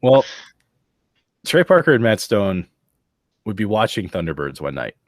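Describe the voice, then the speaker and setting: A man's voice: fairly low pitch, big pitch swings, a little slow, dry recording, studio quality. A man co-hosting a podcast, telling the story with joking asides. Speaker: podcast co-host. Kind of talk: casual storytelling chat.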